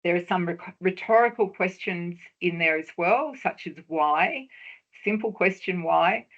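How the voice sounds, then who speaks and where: A woman presenting a webinar lecture on research talks, measured and explanatory, stressing key words for emphasis. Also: on the low side, dull audio.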